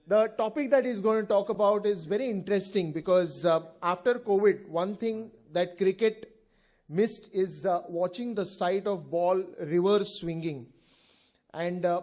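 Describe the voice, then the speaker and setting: A man's voice: high voice, darkish tone. A man hosting a club event, introducing the next speaker in a light, joking way with many fillers.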